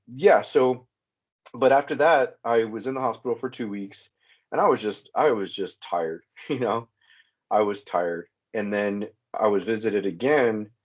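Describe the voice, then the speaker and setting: A middle-aged man giving a hesitant, halting personal testimony as a caller on a podcast. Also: on the low side. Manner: hesitant, halting, many restarts and fillers. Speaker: returning caller. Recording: muffled lo-fi sound.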